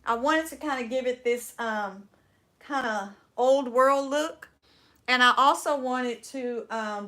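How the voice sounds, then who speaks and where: A bright, fairly high-voiced woman with a Southern US accent chats through a crafting livestream. She talks in a folksy, rambling way and says "y'all" often. She trails off and restarts her sentences as she works. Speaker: furniture upcycling livestream host. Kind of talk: casual livestream chat.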